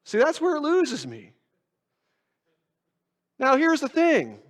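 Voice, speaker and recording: This pastor's voice is very high-pitched and slow, swinging hugely in pitch. He preaches conversationally, poking fun at himself and posing rhetorical questions, and the church sanctuary adds long reverb.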